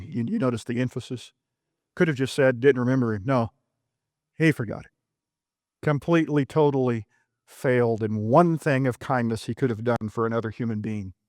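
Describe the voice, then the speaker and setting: A man's voice: medium pitch, no room sound, studio quality. A man preaching a sermon in a church, retelling a biblical story in a folksy, emphatic way.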